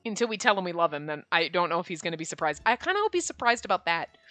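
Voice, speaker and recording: Young woman, game commentary, profane rants, swooping pitch, dry close mic, faint music behind. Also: very fast, no room sound. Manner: animated, profane, laughing rants. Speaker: streamer playing a visual novel. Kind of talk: let's play commentary, reading aloud.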